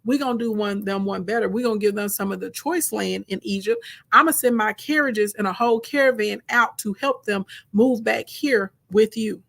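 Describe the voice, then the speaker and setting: A man's voice: sits high, normal speed, gravelly, sharp tone, full character voice. A woman doing a generous, easygoing ruler. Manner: easygoing, casual slang. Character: generous royal ruler, expansive.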